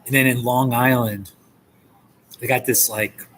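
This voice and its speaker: Streamer, male, New Jersey accent, chatty and joking, mid-pitched, faint coffee-shop ambience. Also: steady tone, a little slow, fairly bright tone, a little hiss or hum, poor audio. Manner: chatty, joking, reads viewer comments. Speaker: live streamer. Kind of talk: casual live-stream chat.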